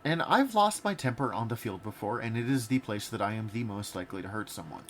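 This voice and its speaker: A man co-hosting a podcast, candidly telling personal stories in a relaxed conversational way. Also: on the low side, fast talker, a little hiss or hum. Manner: candid, storytelling, laid-back. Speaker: podcast co-host. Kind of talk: casual podcast discussion.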